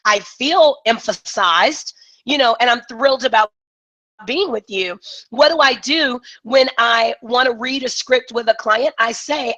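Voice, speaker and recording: A woman business coach leading a live online coaching session, talking with emphasis and excitement. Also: a little high, a little slow, dull audio.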